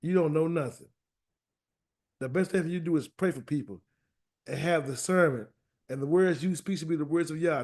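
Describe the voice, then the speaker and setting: A man leading a weekly scripture word study and prayer, animated and colloquial, often repeating words as he searches for them. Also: fairly high pitch, a little fast, pauses often. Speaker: Bible study teacher. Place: meeting room streamed live.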